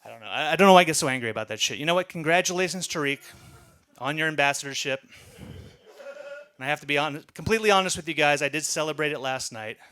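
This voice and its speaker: A man's voice: a little high, lively intonation, quick pace, pushed and bright, smooth. A man doing a rambling, profane stand-up comedy set with a self-deprecating edge.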